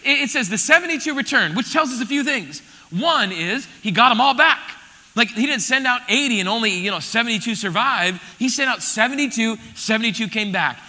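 Male pastor, very high voice, excitable sermon, long church-hall reverb. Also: fairly quick. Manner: animated, exclamatory, joking with congregation. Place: church auditorium.

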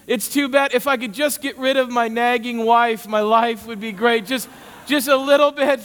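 A pastor putting on a whiny, self-pitying man full of excuses, in a high, strained voice. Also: steady tone, moderate pace, a bit bright, clean tone. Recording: long hall reverb.

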